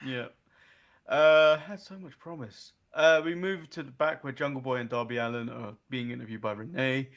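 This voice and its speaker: A man's voice: mid-range voice, steady tone, normal speed, fairly bright tone. A man from England co-hosting a casual wrestling recap show, dry and dismissive as he recaps. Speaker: podcast co-host.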